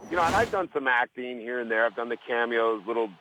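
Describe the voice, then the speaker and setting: A man's voice: mid-range voice, lively intonation, fast, sharp tone, a little hiss or hum, low-quality recording. A man guesting on a radio show, telling stories in a rambling, self-interrupting way while hungover.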